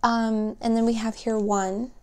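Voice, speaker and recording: A woman giving a spoken tarot reading, gentle and emotional, speaking softly and warmly to her viewers. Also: on the high side, little pitch movement. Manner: slow, soft, gentle and emotional. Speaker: tarot reader.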